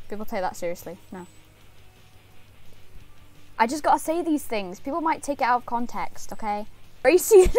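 A young woman streaming, chatting playfully and teasing her live chat. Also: on the high side.

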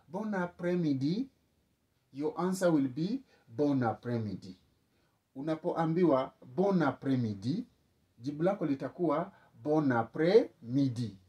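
A man teaching a spoken language lesson, repeating words slowly for learners to echo back. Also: fairly high pitch, mellow, distant mic, dull audio. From East Africa.

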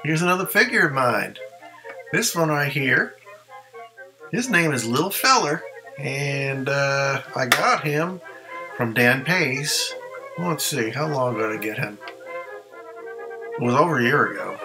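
A man's voice: medium pitch, lively intonation, measured pace, long pauses, music in the background, poor audio. A man who collects ventriloquist figures, chatting casually in a rambling show-and-tell and second-guessing himself as he goes.

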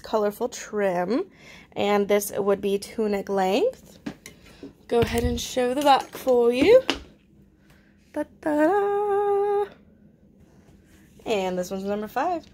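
A chatty young woman with a fairly high voice talks through her items one by one at home. Her casual vlog delivery is easygoing and full of fillers. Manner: chatty, filler-heavy item descriptions. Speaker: online reseller. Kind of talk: casual live-sale vlog.

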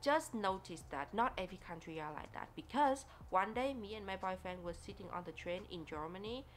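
A woman's voice: medium pitch, fairly quick, slight background noise. Chatty woman vlogger. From Vietnam. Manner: chatty and expressive, laughs often, non-native English grammar. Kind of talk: casual vlog talk.

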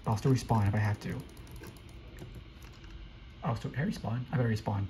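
A young man giving live, excitable commentary while playing a video game, often repeating quick exclamations. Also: fairly low pitch, slight background noise, rough recording. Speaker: gameplay streamer.

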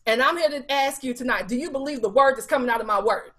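A woman's voice: sits high, fast talker. A woman evangelist delivering a sermon at a Bible study, quoting scripture and asking the listeners rhetorical questions in a casual, colloquial way. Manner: animated preaching with scripture quotes and rhetorical questions; casual colloquial speech with fillers.

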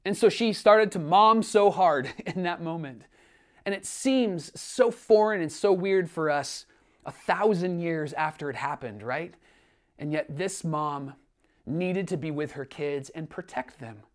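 A man preaching a sermon as pastor, earnest, swinging between emphatic lines and hushed ones. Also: on the high side, expressive, unhurried. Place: church online service.

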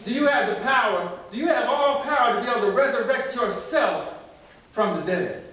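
A man's voice: very high voice, moderate pace, sharp tone. A man voicing a sly, scheming male devil who taunts Jesus with stammering repeats. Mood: taunting. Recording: very echoey church, distant mic.

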